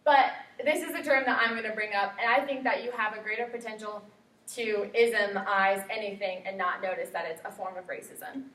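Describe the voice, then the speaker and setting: A woman's voice: mid-range voice, fairly even intonation, a little fast, a bit bright. A young woman giving a chatty classroom presentation, with lots of fillers and quotes she acts out. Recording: echoey room from far off, faint hiss.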